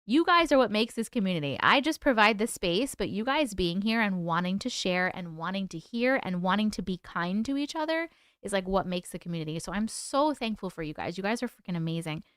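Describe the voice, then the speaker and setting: A tired woman hosting a live stream at home, chatting casually and warmly greeting viewers by name as she reads their comments. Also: medium pitch, big pitch swings, a little fast, dry recording, clean studio sound. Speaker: host.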